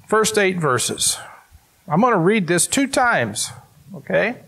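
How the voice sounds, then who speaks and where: A man's voice: high-pitched, very animated, creaky, sharp tone, breathy edge. A man preaching a sermon in church, reading scripture aloud in an emphatic way and talking directly to the congregation. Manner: slow, emphatic, talks to the congregation. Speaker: pastor.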